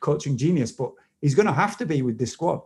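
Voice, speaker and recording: A man talks through his analysis over a video call, calm and well informed. His voice sits a touch high yet sounds mellow and relaxed. He often starts a phrase over, then lays out his point step by step. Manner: knowledgeable, measured, with frequent restarts. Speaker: podcast co-host and football analyst. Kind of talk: casual chat, detailed analysis.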